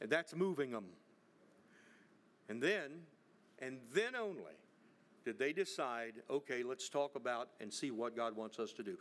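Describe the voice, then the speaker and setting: High-voiced man preaching a storytelling sermon. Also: a bit bright. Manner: storytelling, with many repeated words and restarts.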